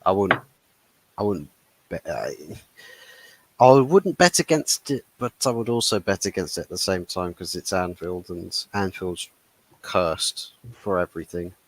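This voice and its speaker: Deep-voiced man, rambling football banter. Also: expressive, a little slow, no echo, rough recording. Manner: rambling, jokey. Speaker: football podcast panelist. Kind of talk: casual chat. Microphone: video call.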